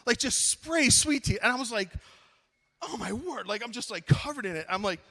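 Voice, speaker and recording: Animated man preaching in an echoing hall. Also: very high voice. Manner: animated, acts out his own story, then slows to earnest appeals. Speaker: youth conference speaker. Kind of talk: storytelling sermon.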